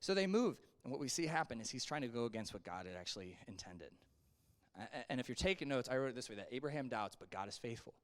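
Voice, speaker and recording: A man with a mid-range voice teaches a casual Sunday school Bible lesson, talking fast in a conversational, animated way. His voice swings up and down as he acts out quotes and drops asides to the class.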